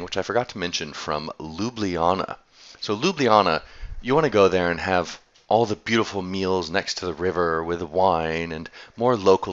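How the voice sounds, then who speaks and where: A man's voice: low voice, a bit bright, muffled recording. A man telling a travel story in a casual, chatty way, laughing often as he goes.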